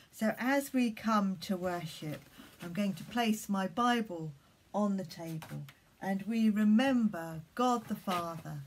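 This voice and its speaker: A woman leading collective worship for primary school children, speaking gently and reading them a story. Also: medium pitch, slight background noise.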